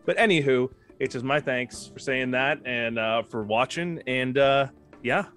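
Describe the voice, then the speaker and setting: A man's voice: mid-range voice, unhurried, a bit bright. Game master, man, mid voice, rambling casual delivery, faint music bed. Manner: rambling, laughing, filler-heavy. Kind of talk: casual stream announcements.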